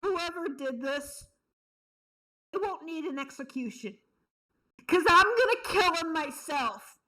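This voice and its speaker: Very high-voiced woman, slow and loud. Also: lively intonation. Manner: loud, swearing, swings between shouting and near tears. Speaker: streamer reacting to a fan game. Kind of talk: emotional reaction commentary.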